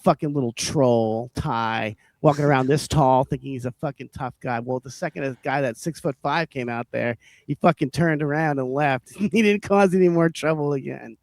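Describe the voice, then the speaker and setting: A man telling rambling stand-up stories on a podcast, profane and animated, often laughing and acting out the people he quotes. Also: mid-range voice, moderate pace, hardly any pauses, no echo. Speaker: podcast co-host, stand-up comic. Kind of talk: casual storytelling chat.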